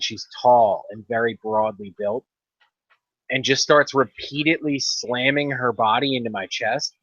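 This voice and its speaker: A man's voice: medium pitch, sharp tone, dry recording. A man on a casual podcast, telling a long story in a laid-back way with dry asides. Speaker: podcast co-host. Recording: dull lo-fi dry podcast audio.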